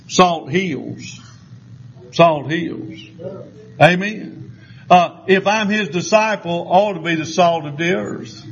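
A man's voice: sits high, vocal fry, a bit bright, dull audio. A man with a Southern US accent preaching a folksy sermon, telling homespun stories with a drawl and chuckles.

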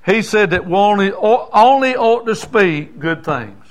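Older male preacher, folksy conversational sermon delivery, fairly high-pitched. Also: animated, measured pace. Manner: folksy, conversational preaching with call-and-response asides.

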